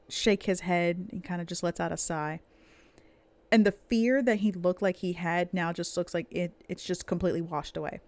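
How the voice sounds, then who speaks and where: A woman narrating a tabletop role-playing game as game master, telling the scene slowly and dramatically. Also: fairly low pitch, no room sound. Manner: slow, dramatic storytelling.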